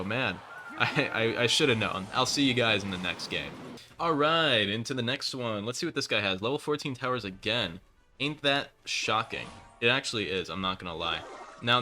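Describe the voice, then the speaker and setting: Bright-voiced sarcastic gaming commentator man. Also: medium pitch. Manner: rapid, sarcastic and profane, with joking rants. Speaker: gaming streamer. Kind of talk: live gameplay commentary.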